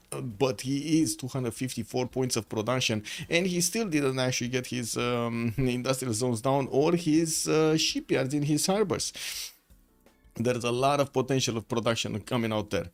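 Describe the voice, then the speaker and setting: A man's voice: medium pitch, normal speed. A man casting a strategy game match live, thinking aloud with lots of fillers and self-corrections. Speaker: caster.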